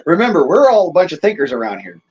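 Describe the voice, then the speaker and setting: A man's voice: on the high side, huge pitch swings, fast talker, darkish tone, slightly rough, lo-fi sound. A man hosting a livestream, ranting casually to his chat in a crude, rambling way and chuckling often. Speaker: livestream host.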